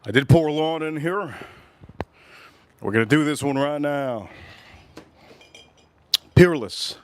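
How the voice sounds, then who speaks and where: A man hosting a casual livestream whiskey review, talking excitably and rambling straight to his viewers. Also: on the high side, takes it slowly, clean tone.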